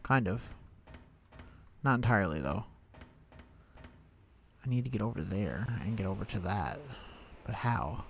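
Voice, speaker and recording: A man's voice: fairly low pitch, lively intonation, measured pace, creaky, pauses often, slight background noise. A man streaming a game, thinking aloud in casual commentary with wry, sarcastic asides.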